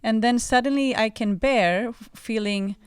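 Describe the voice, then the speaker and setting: Smooth-voiced woman on a discussion panel. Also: a little high, moderate pace, no room sound, clean studio sound. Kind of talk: podium discussion.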